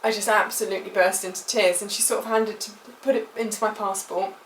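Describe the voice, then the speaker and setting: A woman's voice: medium pitch, fairly even intonation, a little fast, a bit bright, a little hiss or hum. British woman vlogger, emotional rambling storytime, roomy and off-mic. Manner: emotional, rambling retelling with many fillers. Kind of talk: personal storytime vlog. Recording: echoey room, mic at a distance.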